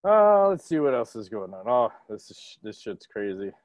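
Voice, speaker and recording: A man hosting a casual podcast over a video call, talking in an excitable, profane and jokey way. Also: medium pitch, normal speed, dry recording. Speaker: podcast host.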